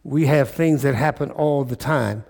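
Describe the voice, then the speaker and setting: A man's voice: medium pitch, a little slow, vocal fry, darkish tone. A pastor preaching a sermon, emphatic, repeating phrases and checking in with his listeners.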